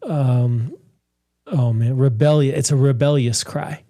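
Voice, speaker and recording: A man's voice: mid-range voice, fairly even intonation, measured pace, warm tone. A man co-hosting a church talk show who earnestly explains scripture in a casual discussion. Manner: earnest, quotes scripture, builds points steadily.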